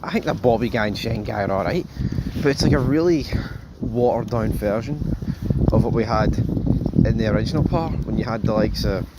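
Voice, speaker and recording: A man hosting a casual TV review, rambling and animated, swearing freely and calling viewers folks. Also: lowish voice, moderate pace, heavy background noise. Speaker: show host, TV reviewer.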